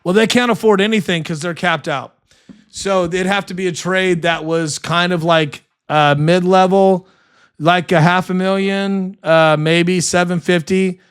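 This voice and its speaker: A man's voice: sits high, steady tone, measured pace, clean tone. A man hosting a live sports stream, chatting casually and reading viewer comments, passionate and full of fillers.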